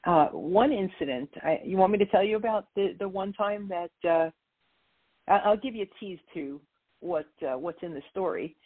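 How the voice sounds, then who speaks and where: Husky-voiced woman telling a story. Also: lowish voice, moderate pace. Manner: animated storyteller, quotes voices. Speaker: author and guest. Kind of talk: storytelling interview. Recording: tinny phone line.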